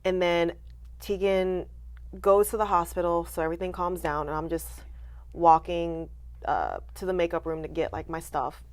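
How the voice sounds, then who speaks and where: Woman, late twenties, lowish voice, animated storytelling, quotes people in little put-on voices. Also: normal speed. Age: late 20s. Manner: animated, acts out quoted voices, laughs often. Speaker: guest, professional wrestler. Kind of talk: candid interview storytelling.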